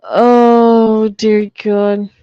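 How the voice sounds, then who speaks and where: A woman's voice: fairly high pitch, little pitch movement, extremely slow, clear, resonant tone, dry recording, lo-fi sound. A woman from the Boston area chatting casually on her live stream, blunt and swearing freely.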